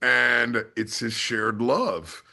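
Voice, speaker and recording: A man in his fifties hosts a casual podcast with a chatty, anecdotal manner. His voice sounds bright and gravelly. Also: mid-range voice, fairly even intonation, very slow. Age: 50s. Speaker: podcast host.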